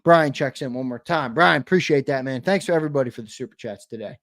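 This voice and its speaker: A man's voice: medium pitch, fast, fairly bright tone, dry recording, studio quality. A man co-hosting a sports talk show, arguing his takes bluntly and repeating his point. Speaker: sports podcast co-host. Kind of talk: heated sports talk chat.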